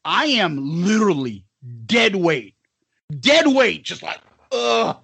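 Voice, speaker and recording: A raspy man with a high, lively voice spins a profane story for his podcast co-host, acting out every person he meets. The sound is close and dry. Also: takes it slowly, no echo. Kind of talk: casual storytelling chat.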